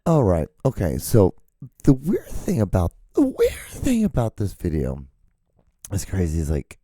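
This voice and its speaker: A man hosting his own show in a casual, rambling monologue, with a hoarse, cracking voice. He swears freely and his voice jumps high when he gets worked up. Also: unhurried, no echo. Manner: profane, excitable, voice jumps high when ranting. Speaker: podcast host. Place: home setup with lights and camera. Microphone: studio microphone.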